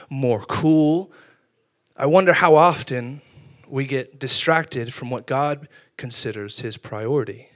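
A young man preaching a sermon, telling funny stories about himself with lively energy. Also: fairly high pitch. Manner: animated storytelling with self-deprecating humor. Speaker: youth pastor.

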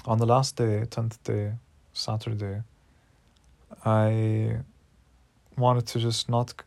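A man's voice: on the low side, vocal fry, a little mellow, no room sound. A man in his twenties talking frankly and emotionally in a personal diary vlog, swearing freely when worked up. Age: 20s. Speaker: vlogger.

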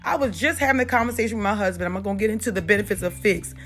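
A woman's voice: mid-range voice, rapid-fire, fairly bright tone, faint music behind. A middle-aged woman with a Southern accent, talking casually and unedited about natural health and faith, with many fillers and repeated "you guys" and "y'all". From South Carolina. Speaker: holistic health talk host.

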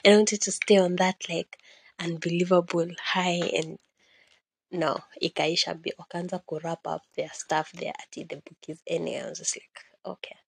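A young woman, chatting casually and excitedly about books she loved, slipping Swahili slang into her English and recording on her phone. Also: on the low side, normal speed, gravelly, breathy edge, no echo. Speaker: podcast host.

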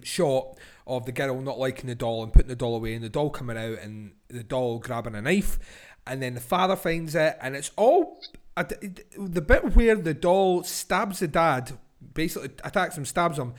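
A man's voice: a little high, expressive, normal speed. Sweary man ranting about a film. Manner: sweary, laughing, builds into loud tirades. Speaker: podcast host. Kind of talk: casual film-review rant.

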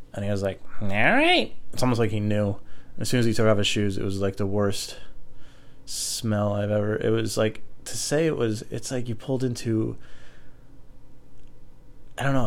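Young man, lowish voice, rambling laid-back storyteller, self-mocking, loud when acting out quotes. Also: gravelly. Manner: acts out quoted voices loudly. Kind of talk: casual storytelling.

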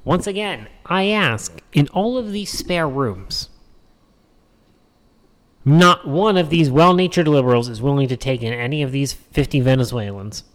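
A man's voice: medium pitch, animated, measured pace. A man hosting a political commentary monologue, sarcastic and emphatic, repeating his points. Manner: sarcastic, mocking voices in quotes; emphatic repetition. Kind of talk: opinion monologue.

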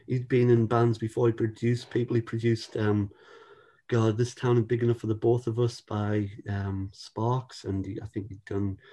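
An older man in his sixties with a mellow, warm voice tells stories from his career in a loose, chatty way. He keeps restarting sentences and circling back, and drops a casual swear word now and then. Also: on the low side. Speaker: musician being interviewed. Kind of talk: casual anecdotal chat.

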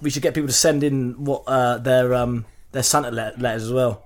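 A man's voice: mid-range voice, brisk. A young man co-hosting a podcast, chatting casually and laughing often as he reads aloud. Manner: animated, laughs often while reading aloud. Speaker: podcast co-host.

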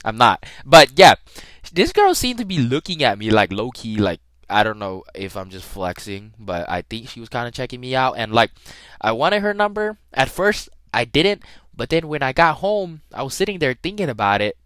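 A young man tells a story alone into a close mic for his podcast. His talk is loose and slangy, full of restarts, and his pitch swoops up and down a lot. The sound is dry, with no room around it. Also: very animated, moderate pace, fairly bright tone, dry recording. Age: young adult. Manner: rambling, slangy, with frequent restarts and laughs. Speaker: podcast host. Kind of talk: casual solo storytelling.

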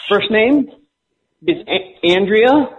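A man running a prank phone call, playful and deadpan as he strings the caller along. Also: high-pitched, takes it slowly, very noisy.

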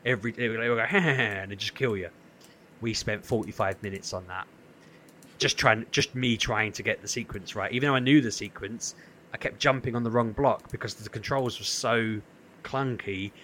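Speaking at a moderate pace in a lowish voice, this man co-hosts a podcast and works through a long, casual tale. He's animated and acts out the quoted voices, and there's a little hiss or hum.

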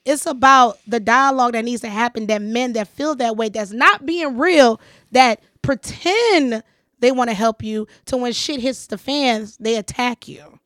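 A woman's voice: a little high, unhurried, a bit bright, no room sound. Emphatic woman host, dry close sound. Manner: emphatic, repeats phrases for stress. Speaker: podcast host. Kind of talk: casual conversation.

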